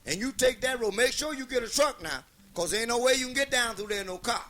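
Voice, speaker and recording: A man's voice: very high voice, expressive, fast talker, a bit bright. A man voicing a big, worldly fellow who gives long, profane directions into the swamp, as part of a comedy story. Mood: advising. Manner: folksy, profane, long-winded advice.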